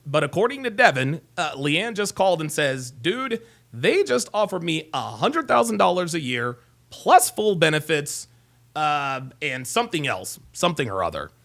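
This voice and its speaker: A man's voice: on the high side, fairly bright tone. A middle-aged man hosting a show, telling a long story in a casual rambling way, repeating himself and restarting his sentences. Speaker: host.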